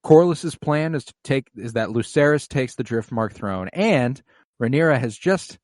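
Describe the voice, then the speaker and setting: A man on a podcast recaps a TV episode in loose, casual chat. He swears often and throws himself into playing out the characters' lines. His voice is mid-pitched and sits close and dry to the mic. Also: lively intonation, normal speed, darkish tone, no room sound. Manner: swearing, acts out lines from scenes. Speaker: podcast co-host.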